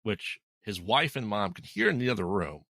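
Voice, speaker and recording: A man's voice: lowish voice, big pitch swings, moderate pace, vocal fry, bright, forceful tone, no room sound. A man co-hosting a podcast who retells a film's plot in casual chat, rambling with frequent ums. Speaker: podcast co-host. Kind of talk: casual movie recap chat.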